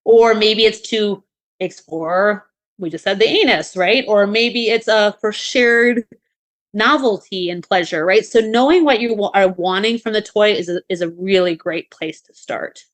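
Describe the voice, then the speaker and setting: Woman cohost just chatting, lots of um and like, mid pitch, dead dry mic. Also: unhurried, no room sound. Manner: chatty, frequent fillers and restarts. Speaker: podcast co-host. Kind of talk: casual advice chat.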